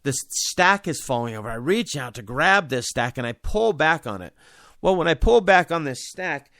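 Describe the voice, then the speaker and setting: A man's voice: mid-range voice, fairly bright tone, dry recording, clean studio sound. A man in his forties, a podcast host, telling a personal story with many restarts and fillers.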